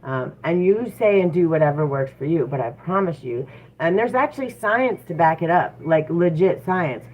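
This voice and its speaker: A woman's voice: deep voice, animated, moderate pace. A woman giving a casual livestream tarot reading, chatty and encouraging, with frequent fillers. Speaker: tarot reader. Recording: tinny phone-like audio with faint noise.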